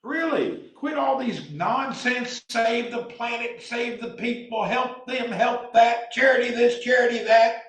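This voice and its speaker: A man from the American South with a Southern accent, delivering a blunt, heated opinion rant as a vlogger and often shouting. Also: very high voice, measured pace, hardly any pauses, reverberant, recorded from a distance, low-quality recording.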